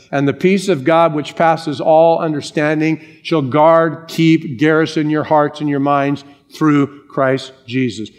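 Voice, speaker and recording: A male pastor preaching a sermon, emphatic, with shifting pace. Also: on the high side.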